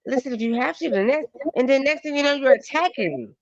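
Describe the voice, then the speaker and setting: A woman scolds and swears in exasperation during a live-stream argument. Her voice is high and gravelly, and the audio is dull and lo-fi. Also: animated, fast talker, hardly any pauses, a little hiss or hum.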